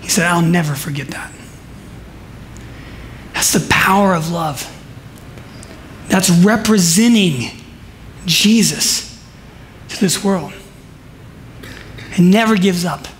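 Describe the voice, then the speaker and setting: A man preaching a sermon in a church service, telling stories emphatically and swinging between soft asides and loud declarations. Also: high voice, slow pace, long pauses, a little hiss or hum. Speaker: pastor.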